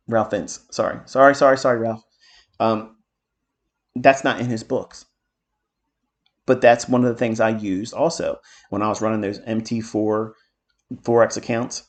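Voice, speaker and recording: A man's voice: fairly low pitch, moderate pace, gravelly. Blunt profane middle-aged man teaching trading. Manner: blunt, profane, boastful, heated asides. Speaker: trading mentor. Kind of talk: market commentary lesson.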